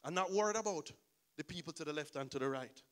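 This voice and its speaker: A man preaching a sermon as pastor, telling a story in an animated way and acting out the people in it. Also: a little high, fast, clear, resonant tone.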